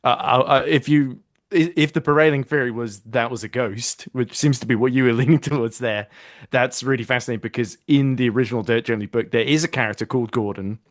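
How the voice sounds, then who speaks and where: A man's voice: medium pitch, brisk, no room sound, clean studio sound. A man hosting a podcast interview, an eager fan recalling details of the show. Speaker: podcast host. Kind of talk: casual interview.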